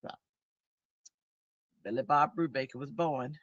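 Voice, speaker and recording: A woman hosting a crafting stream, chatting casually and telling stories in an animated way while she works. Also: very deep voice, a little slow, no room sound, muffled recording. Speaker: crafting channel host.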